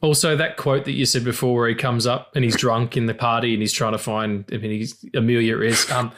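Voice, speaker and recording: Animated man on a film podcast. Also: mid-range voice, a little fast, few pauses, noisy background. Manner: animated, swears a lot, laughs loudly. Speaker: podcast co-host. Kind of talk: casual film podcast chat.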